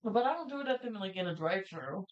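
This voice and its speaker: A woman's voice: mid-range voice, lively intonation, fast talker. A young woman talks bluntly in casual chat and swears freely. Her voice sits mid-range. The recording sounds muffled and lo-fi. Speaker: podcast co-host. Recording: muffled lo-fi audio.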